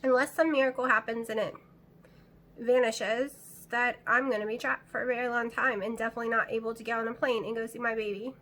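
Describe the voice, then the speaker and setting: Middle-aged woman talking to camera from home, fairly high and very bright voice, anxious and rambling. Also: steady tone, fast talker, a little hiss or hum. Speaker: vlogger. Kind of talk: casual chat to camera. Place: at home, indoors.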